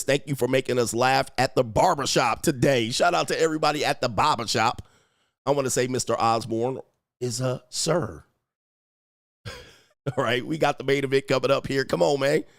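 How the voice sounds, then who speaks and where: Reading out super chats on his livestream, this man mocks viewers in slangy casual commentary and laughs a lot. His voice sits in the mid range, captured with studio-quality sound and no room tone in a home studio.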